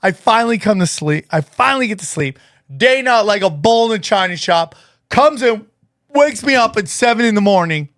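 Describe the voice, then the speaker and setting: A man with a high voice tells a story on a podcast. He acts out every line people said and his voice climbs into excited shouts. The sound is dry and close. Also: normal speed, no room sound. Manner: animated, acts out quotes, rising to shouts. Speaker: podcast co-host. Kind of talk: casual storytelling chat.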